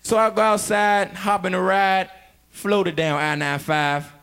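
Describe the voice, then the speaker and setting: Young male stand-up comic, high bright voice, loud and rowdy, laughs through his bits. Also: steady tone, normal speed, clear, resonant tone. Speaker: stand-up comedian. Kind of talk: stand-up comedy set.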